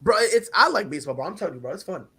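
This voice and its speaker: High-voiced, husky man telling stories. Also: racing. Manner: animated storyteller, acts out players' quotes. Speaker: sports talk show host. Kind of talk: casual sports talk.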